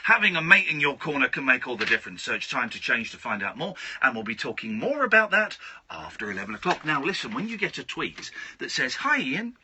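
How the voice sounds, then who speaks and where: A man's voice: mid-range voice, very animated, a little fast, bright, forceful tone, slight background noise. A man hosting a late-night radio show, chatting in a rambling, self-interrupting way. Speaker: radio host.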